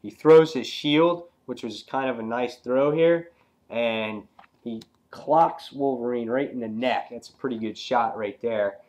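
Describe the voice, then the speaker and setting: Man, comic book reviewer, casual video review, rambling, lots of fillers, middle pitch. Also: a little slow, darkish tone. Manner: rambling, full of "um" and "you know".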